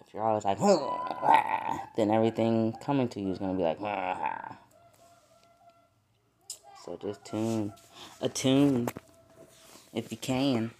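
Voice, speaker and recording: A woman's voice: very deep voice, slight background noise. A young woman hosting a solo podcast, chatting casually with lots of swearing and laughter. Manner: profane, laughing, rambling. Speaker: podcast host.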